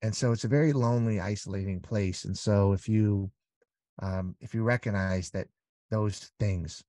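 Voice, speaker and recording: A man's voice: fairly low pitch, normal speed, dark tone, no echo. A middle-aged man speaking candidly as an interview guest, earnest and rambling, sometimes acting out everyday exchanges. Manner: earnest, rambling, acts out little scenes. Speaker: podcast guest. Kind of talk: candid conversational storytelling.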